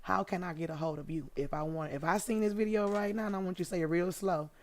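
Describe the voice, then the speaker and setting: Woman host, low-pitched, emphatic, encouraging, casual interview. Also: fast.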